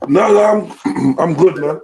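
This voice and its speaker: A man's voice: measured pace, a crowd in the background, rough recording. Tired, laid-back man. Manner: laid-back and low-energy, slangy. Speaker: livestream guest. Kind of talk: casual chat on a livestream.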